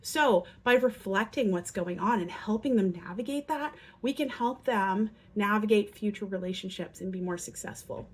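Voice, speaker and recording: Female parenting educator, mid-pitch, a bit husky, earnest teaching delivery. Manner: earnest, acts out quotes in lively voices. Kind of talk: instructional talk to parents.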